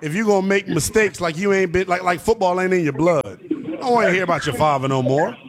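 A man's voice: high voice, fast. Brash male sports radio host. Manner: brash, animated, trash-talking. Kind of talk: call-in sports talk.

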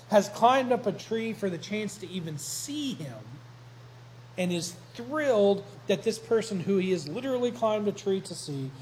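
A man's voice: high-pitched, a little mellow, slight background noise, poor audio. A man preaching a sermon to a congregation, retelling the story in a conversational, joking way. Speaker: pastor.

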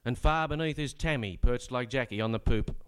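A man's voice: mid-range voice, a little fast, a bit bright, clean tone. An Australian man performing a comic rhyming ballad on stage, with dry, sardonic spoken asides between rollicking rhymed verses.

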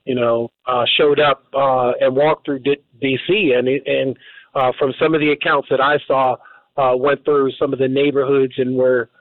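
Taking callers on his radio call-in program, this mid-range-voiced man keeps a level tone at normal speed but often stumbles and restarts. There's no echo, and the sound is narrow and phone-like.

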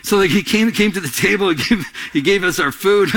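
Middle-aged male pastor, sermon delivery, higher-pitched man, swings from emphatic loud lines to quiet asides. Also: moderate pace. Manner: acts out little voices in anecdotes, laughs while telling them.

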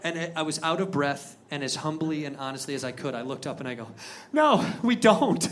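A man telling a story in a stand-up set, animated, with loud punchlines. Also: a little high, fast talker. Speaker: stand-up comedian. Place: comedy club with live audience. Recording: crowd laughter and noise.

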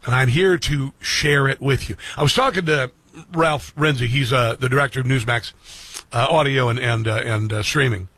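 A man's voice: mid-range voice, moderate pace, bright, forceful tone, slightly rough, dry recording. A middle-aged man hosting a radio and streaming show, speaking earnestly to his listeners and often repeating and restarting phrases. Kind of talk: reflective monologue to listeners.

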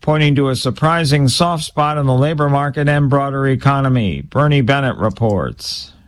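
A man anchoring a radio newscast in a crisp, measured read. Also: mid-range voice, expressive. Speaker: news anchor.

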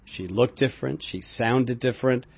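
Older man telling stories in quick bursts. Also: medium pitch, vocal fry, breathy edge, highs cut off. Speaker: former campaign staffer, interviewee. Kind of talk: interview recollection.

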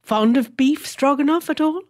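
Woman narrator doing a tired male door-to-door salesman, pushy patter, pitched up high. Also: moderate pace, a little mellow, natural voice. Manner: eager sales patter, turning sulky.

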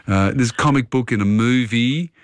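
A man hosts a radio quiz from a studio mic, firing off questions with quick asides and casual fillers. His voice is middle-pitched and the sound is close and dry, with no room around it. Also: no room sound. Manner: brisk, friendly quizmaster, quick asides and fillers. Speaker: radio host. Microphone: studio microphone.

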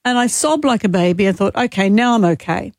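A woman in her sixties, a radio co-host, talking haltingly and close to tears in casual chat. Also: medium pitch, animated, dry recording. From Australia. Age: 60s. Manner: emotional, halting, tearful.

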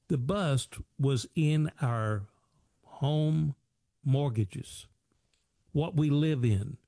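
American guy doing a finance talk show, relaxed dark voice, repeats himself, loves old sayings. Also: fairly high pitch, dry recording, studio quality. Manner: folksy and repetitive, fond of sayings and rhetorical questions. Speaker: financial advice show host. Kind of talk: radio-style talk show monologue.

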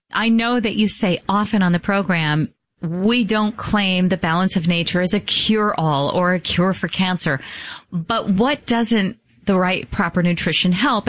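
A woman's voice: medium pitch, no echo. A woman hosting a sponsored talk program, speaking in an enthusiastic, promotional way. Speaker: host. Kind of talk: scripted talk-show host.

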